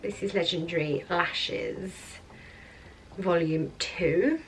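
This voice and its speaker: A woman vlogger chatting in a rambling way through a makeup tutorial at her office, sometimes dropping to soft murmurs. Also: fairly low pitch, slow, slight background noise. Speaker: beauty vlogger. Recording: mic at a distance, faint background music.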